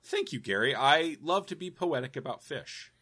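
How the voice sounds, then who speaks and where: A man's voice: on the high side, expressive, moderate pace, bright, forceful tone, husky. A man co-hosting a casual gaming podcast, talking in a wry, jokey way. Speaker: podcast co-host.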